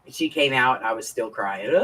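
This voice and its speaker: A woman in her fifties chats slowly and confidingly as she crafts, her husky voice swinging widely in pitch. She sounds a little distant from the mic. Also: fairly bright tone. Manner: chatty and confiding, greets viewers by name. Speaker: crafting live-stream host. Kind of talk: casual chat while crafting. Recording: voice a bit far from the mic.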